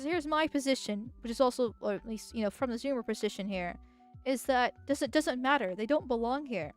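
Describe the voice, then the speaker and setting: A woman streamer giving casual commentary on posts, thinking out loud and restarting her sentences often. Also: a little high, clean tone. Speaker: political streamer.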